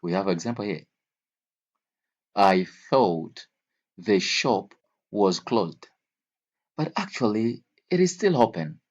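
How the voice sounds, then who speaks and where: Man teaching slowly, repeating himself. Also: fairly low pitch, animated, highs cut off. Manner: slow, repeats words and examples. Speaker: English teacher. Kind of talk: explaining vocabulary to learners.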